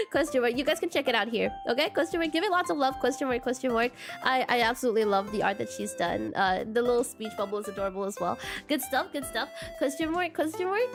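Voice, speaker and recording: A young woman streaming a casual question-and-answer chat, who giggles often and keeps saying "question mark" as a filler. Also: high voice. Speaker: VTuber streamer.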